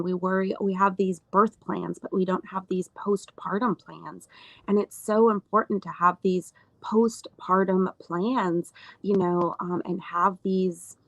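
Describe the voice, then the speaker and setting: A woman postpartum doula talking as a guest in a casual interview, earnest, with many fillers and lively retelling. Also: on the low side, creaky, no room sound, low-quality recording.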